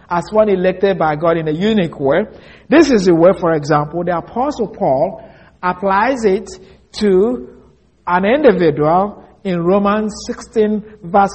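A man preaching an expository sermon, reading scripture slowly and stressing key words. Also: high-pitched, a little mellow, breathy edge.

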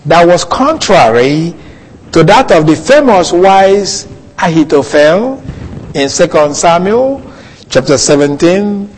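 A man preaching a Bible teaching sermon, slow and deliberate, lingering on key words. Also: sits high, sing-song. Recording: long reverb of a hall.

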